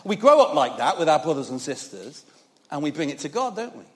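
At a church service, a man preaches a sermon in a conversational style, throwing many tag questions at the congregation and swinging between loud emphasis and quiet passages. His voice is fairly high, and he delivers it briskly and very animatedly.

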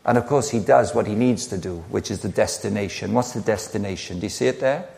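A man, preaching a sermon in a lively, conversational way, full of rhetorical questions and playful asides. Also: lowish voice, fairly quick, creaky, few pauses. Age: 60s.

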